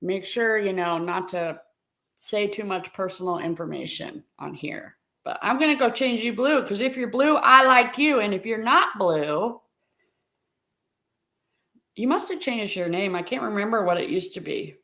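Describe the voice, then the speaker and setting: A woman's voice: medium pitch, lively intonation, moderate pace, sharp tone. A middle-aged woman hosting a casual live stream and talking directly to her viewers in a chatty way. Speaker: live-stream host and reseller.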